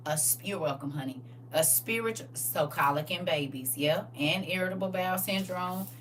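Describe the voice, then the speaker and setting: Lively grandmother, bright voice, distant mic. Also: on the low side, moderate pace, slight background noise. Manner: animated storytelling, laughing often, reading viewer comments aloud. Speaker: live-stream host. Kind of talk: casual live-stream chat. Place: at home, indoors.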